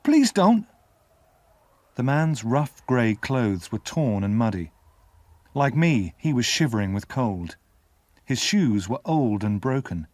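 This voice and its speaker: A man narrating a classic novel aloud as an audiobook reader, expressive and measured. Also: lowish voice, no echo. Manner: expressive storytelling, measured pace. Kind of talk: scripted narration.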